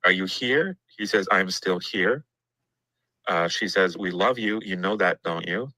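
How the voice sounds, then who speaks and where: Male guest, low voice, crisp forward tone; matter-of-fact note reader. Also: measured pace, bright, forceful tone, no echo, rough recording. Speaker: guest reading courtroom notes. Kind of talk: livestream discussion, reading notes aloud.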